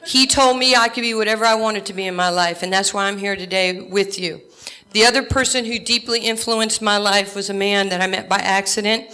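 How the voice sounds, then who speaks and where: A woman with a New York accent tells lively stories and jokes as she accepts an award. Her voice is bright and ringing, pitched in a middle range for a woman. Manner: animated storytelling with jokes. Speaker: award recipient. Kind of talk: acceptance speech.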